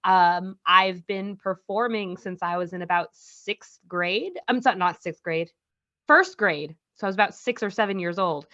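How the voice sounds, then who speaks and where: A woman's voice: fairly low pitch, a little slow, sharp tone, dull audio. A woman in her thirties, a contestant on a comedy game show, talking in a chatty, giggly, self-deprecating way. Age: 30s. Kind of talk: casual self-introduction.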